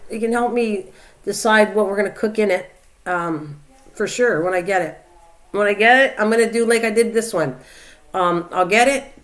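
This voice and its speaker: A chatty older woman talks loosely on her home live stream, drifting between stories and reading out viewer comments as they come in. Her voice sits at an ordinary middle pitch, and she keeps an easy, conversational flow. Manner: rambling, chatty, reads viewer comments aloud and answers them. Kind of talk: casual chat.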